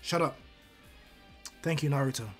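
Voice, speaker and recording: A man's voice: medium pitch, normal speed, soft background music, natural voice. A man doing a wry grown ninja teacher.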